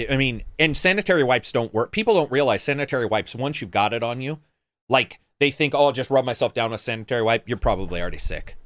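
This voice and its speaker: A man with a medium-pitched, slightly bright voice co-hosts a laid-back gaming chat show, reading viewer comments aloud and replying in a rambling, sarcastic style full of swearing. There's no room sound.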